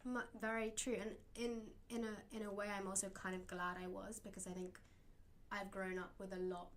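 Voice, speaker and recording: A woman's voice: medium pitch, level tone, moderate pace, a little hiss or hum. A young woman of the Indian diaspora, a guest talking in a chatty way with many fillers. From British Indian diaspora. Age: young adult. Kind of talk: conversational interview.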